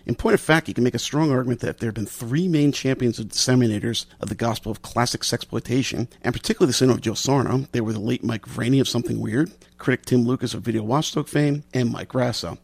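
A man hosting an interview, reading a measured, articulate introduction and asking questions. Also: medium pitch, gravelly, breathy edge, dry recording. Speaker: podcast host.

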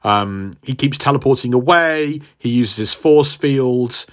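A man's voice: mid-range voice, a little slow. A man co-hosting a podcast who retells a comic book plot in a casual, rambling way, full of fillers and laughs. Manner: animated, rambling, laughs a lot, many fillers. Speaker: podcast co-host.

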